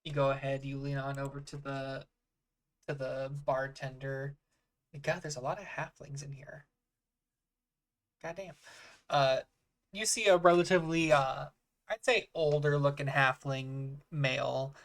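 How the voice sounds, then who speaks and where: A game master on a call, mid-pitched and plainly spoken. They describe the scene in loose, casual runs, laugh easily, and mock their own skills. They curse now and then. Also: steady tone, unhurried, long pauses. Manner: self-deprecating, laughs often, swears. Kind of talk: running a tabletop game on a call.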